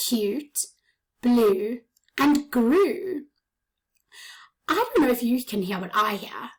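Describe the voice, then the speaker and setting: A woman teaching young children an online phonics lesson, speaking slowly and clearly with encouraging praise and soft, half-whispered asides. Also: on the high side. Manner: slow, clear, encouraging teacher talk with sing-song praise. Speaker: primary school teacher.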